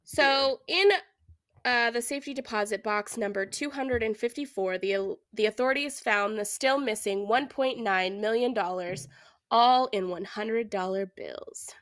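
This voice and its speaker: A woman's voice: fairly high pitch, a little slow, a bit bright, no echo. A woman co-hosting a true crime podcast, telling the story in a casual, chatty way with lots of fillers. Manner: chatty, many "like"s and "I don't know"s. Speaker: podcast co-host.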